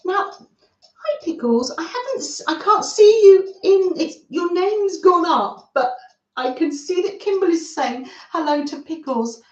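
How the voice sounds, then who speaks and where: A woman's voice: extremely high pitch, expressive, a little slow. Gushing, chatty woman host, roomy sound. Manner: gushing, warm-hearted, reads chat aloud. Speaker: craft livestream host. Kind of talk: chatty livestream talk to viewers. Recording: roomy, slightly dull sound.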